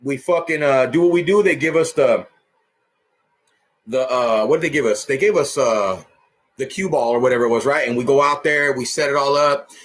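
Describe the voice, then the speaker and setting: A man casually telling a rough story in heavy profanity and street slang, punching it up with sound effects. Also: medium pitch, moderate pace, fairly bright tone. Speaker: storyteller host.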